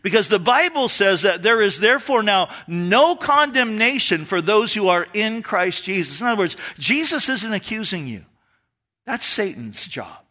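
A male pastor delivers a sermon that rises and falls a great deal. His voice sits high and sounds bright and forceful. He talks conversationally and keeps turning to the congregation with asides. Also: very animated, normal speed. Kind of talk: expository sermon.

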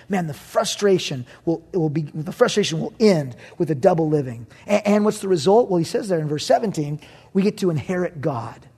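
A middle-aged pastor with a husky voice preaches in a high register. He keeps it conversational and joking, slipping in acted-out quotes between his points. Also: animated, fairly quick, mellow. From Southern California. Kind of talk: sermon.

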